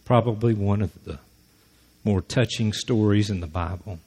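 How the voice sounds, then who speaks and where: Husky, low-voiced male preacher. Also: moderate pace, a little mellow. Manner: conversational, acts out quoted lines. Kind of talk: sermon.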